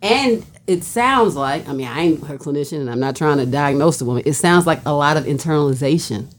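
A woman in casual discussion, thinking out loud in a quick, analytical way. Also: sits low, animated.

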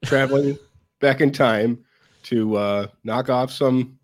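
Man, podcast co-host, blunt, offhand, swearing, mid-pitched voice. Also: takes it slowly. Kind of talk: casual chat.

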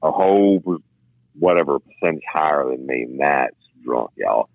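Very low male voice, ex-cop co-host, blunt storytelling, phone-like sound, dry. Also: animated, normal speed, vocal fry, dry recording. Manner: reads news aloud, then tells blunt personal stories. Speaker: co-host, former police officer. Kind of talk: casual crime news chat. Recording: tinny phone-like line, dry.

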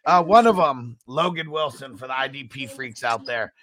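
Bright-voiced male podcast host. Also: mid-range voice, moderate pace. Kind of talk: casual sports podcast chat.

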